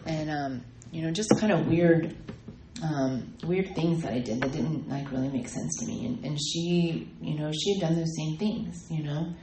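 A woman telling her personal recovery story at a meeting, halting and full of ums and restarts. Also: low-pitched, warm tone, reverberant, slight background noise, rough recording. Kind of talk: personal testimony talk.

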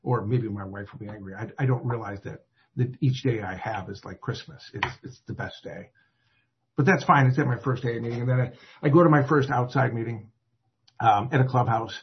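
A man with a very husky, rough voice tells his own recovery story. He rambles, restarts and mocks himself, acting out what others said. The recording sounds dull and lo-fi. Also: medium pitch, brisk. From Atlanta area. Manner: self-deprecating, rambling, restarts and acted quotes. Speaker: recovery speaker. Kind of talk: personal recovery story told to a group.

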